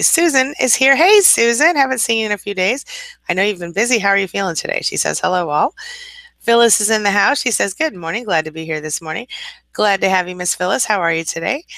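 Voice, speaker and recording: Gravelly-voiced woman hosting a friendly live chat. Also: fairly low pitch, pushed and bright, dry recording, rough recording. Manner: chatty and affectionate, greets viewers as honey. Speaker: host and coach. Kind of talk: live-stream chat, reading viewer comments.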